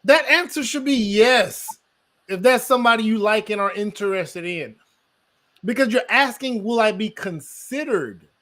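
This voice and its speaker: A man's voice: very high voice, a bit bright. A man hosting a casual conversation, often stopping and restarting his sentences.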